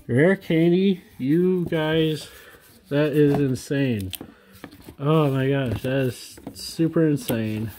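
A man in his thirties chatting casually to viewers at home as he opens trading card packs, excitable and gushing over each card. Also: on the high side, takes it slowly, slight background noise. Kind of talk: casual unboxing chat.

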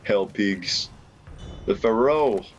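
A young man giving casual gameplay commentary, reacting excitably with laughs and rambling remarks. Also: fairly low pitch, drawn-out words, highs cut off, slight background noise. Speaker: gaming YouTuber. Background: game music.

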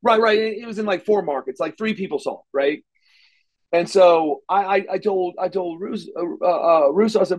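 A man telling wrestling stories in a casual interview, animated and acting out quotes, stumbling over repeated words. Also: sits high, normal speed, low-quality recording. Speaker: wrestler guest.

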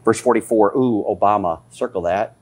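Husky-voiced fiery male preacher. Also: normal speed, darkish tone. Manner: impassioned, scolding, climbs in pitch as he preaches. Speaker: pastor. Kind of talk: fiery sermon.

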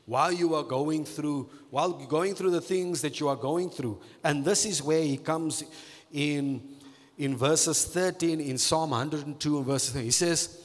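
Man preaching slow, kinda high voice, words stretched out, long echo from the hall. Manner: repeats phrases, stretches key words slowly for emphasis. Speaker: pastor. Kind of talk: sermon.

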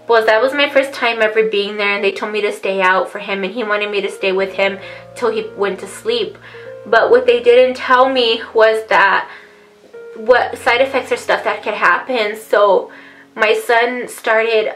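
A woman vlogging to her viewers in an earnest, heartfelt and rambling way, speaking softly and slowly as if close to tears. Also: medium pitch, low-quality recording. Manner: soft, slow delivery near tears. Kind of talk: personal vlog talk to camera. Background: faint background music.

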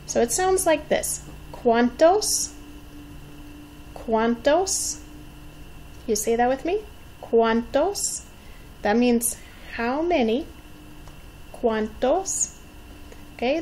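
A woman in her forties, a teacher giving a patient Spanish lesson for young children, modeling words slowly and encouraging them to repeat. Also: a little high, a little mellow, slight background noise, rough recording. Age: 40s. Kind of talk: slow, clearly enunciated language lesson.

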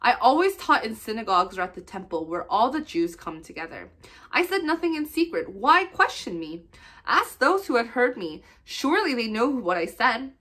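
A woman reading the words of Jesus aloud from scripture, lifting her voice a little higher for the quotes. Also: sing-song, normal speed, a bit bright. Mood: earnest. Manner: read-aloud quotes, pitched a little higher than the narration. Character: Jesus, calm grown man teacher.

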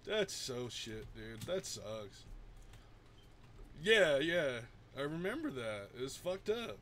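A man's voice: mid-range voice, sing-song, slow, a bit bright, slight background noise. A man chatting casually while streaming a game, laid-back, swearing often and laughing a lot. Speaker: gaming streamer. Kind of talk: casual chat while gaming.

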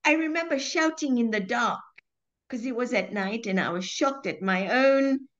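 A woman who hosts and writes books, talking in a lively, animated way and laughing often as she acts out her own thoughts. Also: on the high side, moderate pace, highs cut off. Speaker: author and show host. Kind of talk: conversational interview.

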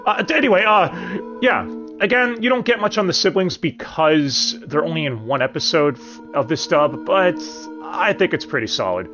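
Man, review host, casual chatty commentary, joking asides, very animated pitch, music underneath. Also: moderate pace. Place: home streaming setup. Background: background music.

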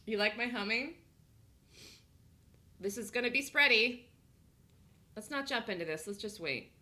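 Woman trading-room host, very bright tone, lively pitch, casual chatter with laughs. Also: measured pace. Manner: chatty, laughs often, thinks aloud. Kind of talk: live trading commentary.

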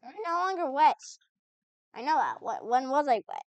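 High-voiced woman narrating her gameplay. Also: huge pitch swings, normal speed, no echo. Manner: chatty, puzzled, talks back to the game. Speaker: gamer. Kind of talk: let's-play commentary.

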